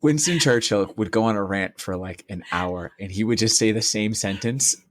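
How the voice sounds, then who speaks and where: A young man co-hosting a casual podcast, rambling and profane as he tells animated stories. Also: fairly low pitch, moderate pace, no echo. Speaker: podcast co-host. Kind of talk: casual chat.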